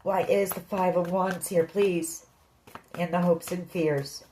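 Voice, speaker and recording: A woman's voice: on the low side, steady tone, slow, dark tone, a little hiss or hum, poor audio. A woman giving a tarot reading, speaking earnestly and directly to the listener. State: emotional. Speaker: tarot reader.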